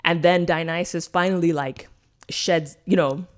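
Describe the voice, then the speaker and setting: Unhurried and fairly even in intonation, a woman with a lowish voice co-hosts a podcast. She relates a story through casual, profane talk, checking in with "right?" after nearly every point.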